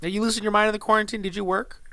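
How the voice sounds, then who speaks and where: A man's voice: high-pitched, flat delivery, rapid-fire, pushed and bright. A young adult male comedian in casual podcast chat, rambling, laughing often and trailing off mid-thought.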